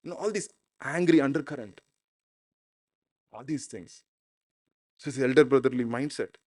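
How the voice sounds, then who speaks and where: A man's voice: mid-range voice, moderate pace, a little mellow, no room sound. A man preaching a sermon as pastor in an informal, conversational way. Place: church.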